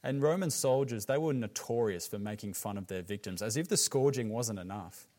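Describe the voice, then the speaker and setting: A man with an Australian accent preaching a sermon as pastor, earnest and emphatic, dropping his voice low on grave words. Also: brisk, a little mellow.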